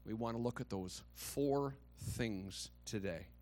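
A man's voice: medium pitch, takes it slowly, darkish tone, faint music behind. A male pastor preaching a sermon in a conversational, dramatic storytelling manner with touches of humor.

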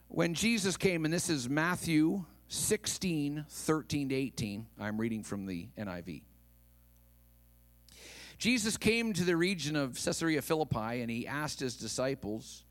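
Pastor guy preaching, big swings quiet to loud, higher voice, really lively. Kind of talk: sermon.

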